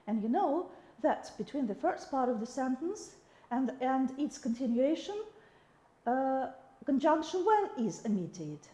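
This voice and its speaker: A woman's voice: high voice, very animated, a little slow, dark tone, echoey room. A woman with a Russian accent giving a recorded video lecture, reading examples aloud with the odd restart.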